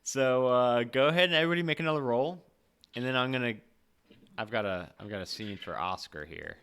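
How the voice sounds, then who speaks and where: A game master narrating a tabletop game in a relaxed, halting way, with fillers and laughs. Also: medium pitch, a little hiss or hum.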